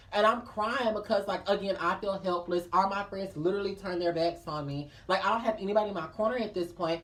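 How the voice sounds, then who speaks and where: A chatty woman vlogger tells a personal story straight to her viewers, calling them girl and y'all. She is lively and acts out the people in her tale. Her voice sits in a middle range and sounds a little distant from the mic. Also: medium pitch. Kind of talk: casual storytime.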